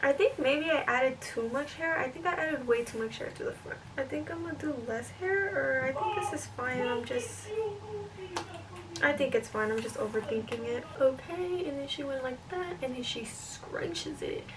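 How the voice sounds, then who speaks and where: A young woman talking casually as she styles her hair in a vlog, chatty and self-doubting, often thinking aloud and sometimes dropping to a soft whisper. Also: high voice, expressive, normal speed. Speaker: vlogger. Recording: distant mic, clear room noise.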